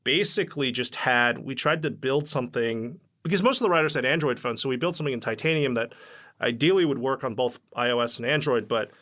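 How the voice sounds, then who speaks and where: A man's voice: medium pitch, fairly quick, pushed and bright. A man, a company founder guest on a podcast, telling loose, rambling stories full of fillers and acted-out quotes. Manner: rambling, lots of fillers, acts out quoted dialogue. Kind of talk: casual interview storytelling.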